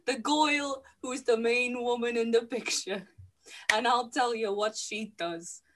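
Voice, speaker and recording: A woman casually recapping a film for a podcast, sweary and laughing, slipping into quick character voices. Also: a little high, steady tone, a bit bright.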